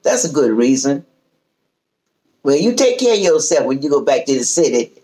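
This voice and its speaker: A woman's voice: very deep voice, moderate pace. A woman telling a family story in casual chat, acting out what each person said. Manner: lively storyteller who acts out quoted speech. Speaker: host.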